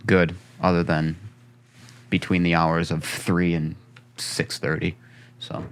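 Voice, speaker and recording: A man co-hosting a casual talk show, blunt and dry, grumbling in a deadpan way. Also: sits low, slow, clean tone. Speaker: co-host. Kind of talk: casual banter.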